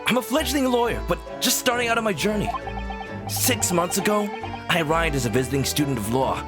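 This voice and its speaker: A man's voice: high-pitched, lively intonation, fairly quick, over music, voice pushed up. Man doing an earnest young Japanese lawyer. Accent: light Japanese accent on English. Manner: earnest, formal. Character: young male Japanese law student, earnest.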